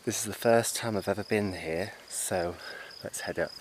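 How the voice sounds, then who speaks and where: A man presenting a walking vlog outdoors on a rural hillside, talking into a handheld camera and exclaiming often with excitement. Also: low voice, normal speed. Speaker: travel vlogger. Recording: outdoor noise with insects chirping. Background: insects and crickets.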